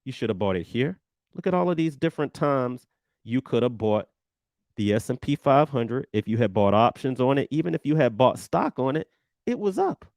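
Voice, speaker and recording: Animated, gravelly-voiced male trading coach. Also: medium pitch, moderate pace, dry recording. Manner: animated and emphatic, chatty and blunt toward his viewers. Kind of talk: energetic online trading lesson.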